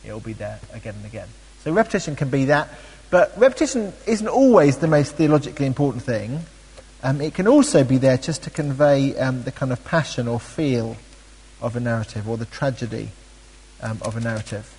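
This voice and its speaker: A man with a slightly husky voice teaches a Bible study in a chatty, animated way, full of ums and playful asides. His voice rings out with a long reverb, as if he is in a large hall. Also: mid-range voice, fairly quick.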